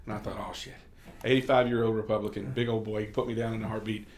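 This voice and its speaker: A fast-talking man from Kentucky with a somewhat low voice, speaking candidly in a relaxed sit-down conversation. He tells stories freely and drops the odd curse word. The room is echoey. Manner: candid, storytelling, occasional cursing. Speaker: state representative.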